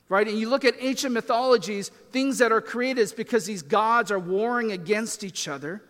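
A man's voice: high voice, a bit bright, big-room sound. A man preaching a sermon as a pastor, talking in a conversational way with fillers and self-deprecating asides.

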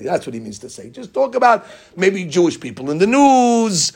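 Gravelly high-voiced rabbi preaching. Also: male voice, moderate pace. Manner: animated storytelling, acting out congregants' complaints; mixes Hebrew terms into English. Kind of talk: sermon.

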